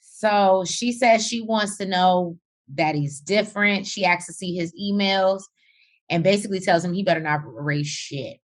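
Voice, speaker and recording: A woman's voice: mid-range voice, moderate pace. A woman co-hosting a casual reality TV recap, telling the story with acted-out quotes and plenty of swearing. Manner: animated storytelling, acts out quotes, swears freely. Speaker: podcast co-host.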